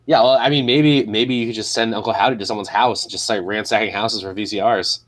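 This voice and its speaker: A man's voice: on the low side, fairly even intonation, fast, noisy background. A man co-hosting a podcast, chiming in with laid-back, agreeable banter. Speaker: podcast co-host. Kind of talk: casual chat.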